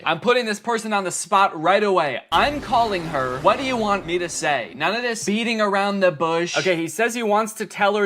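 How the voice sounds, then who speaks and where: A young man giving comedic commentary to camera at his computer, animated and mock-dramatic. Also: high voice, normal speed, few pauses. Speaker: comedy YouTuber. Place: home room at a computer. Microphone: camera mic at desk.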